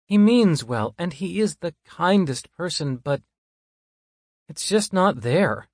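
A man voicing a young woman director, bright and lilting. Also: on the high side, expressive, slow pace, no echo, studio quality, pitched above the performer's own voice, heavily acted. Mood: warm. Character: young woman hospital director, friendly, eager.

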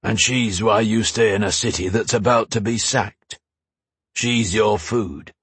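A man's voice: on the low side, unhurried, fairly bright tone, slightly rough, no room sound, exaggerated voice. A male reader voicing an old northern soldier, plainspoken and folksy, with a rustic northern lilt. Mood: wistful.

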